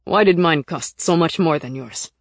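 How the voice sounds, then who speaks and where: A woman's voice: low voice, moderate pace, dry recording, studio quality. A woman doing a brash, hot-tempered young man. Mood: irritated. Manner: loud, irritable, growling.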